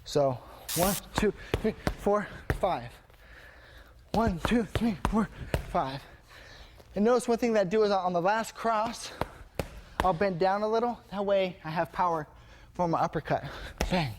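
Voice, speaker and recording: An energetic male instructor talks through punch combinations, his voice sitting a little high for a man. He calls out every strike as he throws it. The gym around him is noisy, with steady background sound under his words. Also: measured pace. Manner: energetic, punctuates moves with "bang". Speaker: martial arts instructor.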